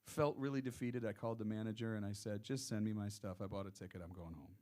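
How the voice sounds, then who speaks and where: A middle-aged man with a Texan accent, a singer-songwriter chatting casually between songs in a relaxed storytelling way. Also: lowish voice, quick pace. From Texas. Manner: relaxed storytelling, drawls into quoted voices. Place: small music workshop venue, live session.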